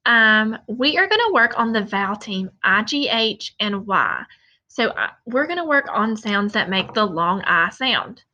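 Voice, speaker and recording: Woman teacher, children's reading lesson, very slow, sounds out each word. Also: medium pitch, sing-song, bright, forceful tone, muffled recording. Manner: slow, deliberate, sounds out words.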